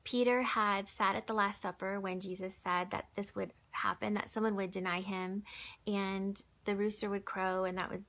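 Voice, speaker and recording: A woman of ordinary pitch gives a gentle devotional talk for a church video. She reads aloud from a book in a relaxed, chatty way, with many fillers and restarts. Now and then her voice sinks to a hushed whisper. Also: moderate pace. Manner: drops to a soft whisper at times. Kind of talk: informal devotional book reading. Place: recorded video message.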